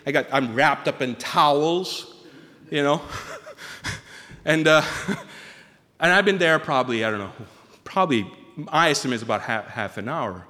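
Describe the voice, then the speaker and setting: A man telling a personal story in an animated, comic way, often restarting his sentences. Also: a little high, unhurried, long pauses, in a large hall.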